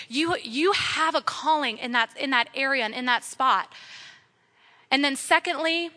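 Bright, high-voiced young woman preaching. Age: young adult. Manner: earnest, exhortative, repeating key phrases. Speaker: women's ministry speaker. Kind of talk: sermon.

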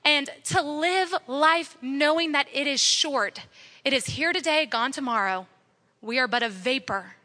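A young woman preaches to a group of women in an earnest, exhorting way and says her main points more than once. Her voice sits high and comes across bright and clear. She talks like a speaker in a church setting. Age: young adult. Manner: earnest, exhortative, repeating key phrases. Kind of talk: sermon.

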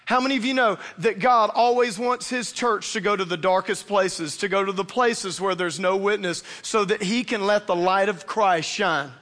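A male pastor delivers a lively sermon, slipping into voices as he retells a Bible story. His voice sits unusually high for a man. The sound carries a long, ringing reverb from a large church hall. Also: normal speed, hardly any pauses. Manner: animated preaching, acts out biblical characters.

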